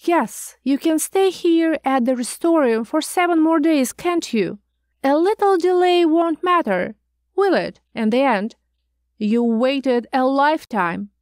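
A woman reading an audiobook voices a smooth-talking male promoter who coaxes and placates. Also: high-pitched, animated, unhurried, darkish tone, no room sound, studio quality, voice pushed up. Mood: coaxing. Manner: coaxing and placating. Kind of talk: audiobook narration.

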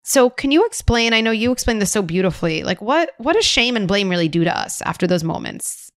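A woman podcast host and psychologist, measured and affirming as she explains ideas to her guest. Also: medium pitch, sing-song, no echo, clean studio sound. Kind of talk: podcast interview.

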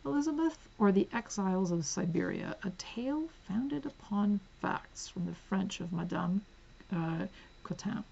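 A woman's voice: medium pitch, animated, unhurried, gravelly, highs cut off, a little hiss or hum. Chatty, giggly book-haul woman. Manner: chatty, giggly, drifts into soft whispers while reading spines. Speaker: book vlogger. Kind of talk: casual book haul vlog. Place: home.

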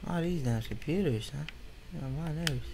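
A man's voice: fairly high pitch, moderate pace, creaky, noisy background. A man giving casual, grumbling commentary over his own gameplay, slangy and easily frustrated. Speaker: gaming YouTuber.

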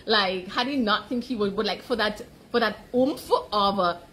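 A woman's voice: medium pitch, normal speed, a bit bright, poor audio. A woman from Jamaica reacting to a race in a casual, emotional chat, full of "like" fillers. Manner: emotional, chatty, laughing, fillers with "like". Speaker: sports fan commentator.

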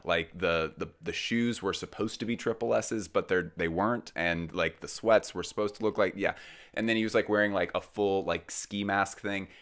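A man telling funny stories about shopping in a casual, chatty way, often laughing and acting out what people said. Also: low-pitched. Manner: chatty, heavy use of "like" fillers, laughs often; animated, acts out quoted voices. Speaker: fashion commentator host. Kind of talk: casual anecdotal storytelling.

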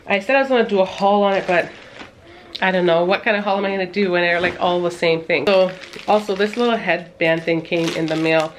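A woman's voice: lowish voice, fairly even intonation, a little fast, a little hiss or hum. A woman in her thirties chatting casually to her vlog viewers, rambling with lots of fillers and little laughs. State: out of breath. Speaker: mom vlogger.

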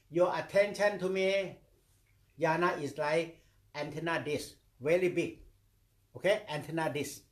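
A man's voice: sits high, fairly bright tone. A man who is a meditation teacher monk, giving a dharma talk in simple English, repeating words in rhythmic chains and often asking "okay?". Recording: echoey room.

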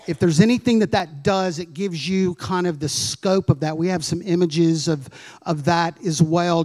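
A man's voice: sits high, darkish tone. A male pastor preaching a conversational sermon in church, full of asides and rhetorical questions to his congregation.

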